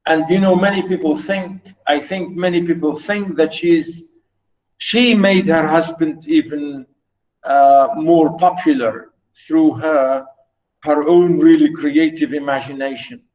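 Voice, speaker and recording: Male teacher, high voice, slow delivery, halting with fillers, online class. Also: steady tone, a little mellow, low-quality recording. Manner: halting, many fillers and restarts; reads poetry slowly and fondly. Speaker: literature teacher. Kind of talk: online lecture. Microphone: video call.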